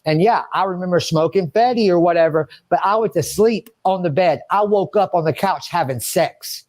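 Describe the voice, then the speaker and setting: A man's voice: sits high, normal speed, darkish tone. A man speaking in an interview, rambling and agitated, swearing and talking to himself. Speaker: interview subject. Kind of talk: emotional interview monologue.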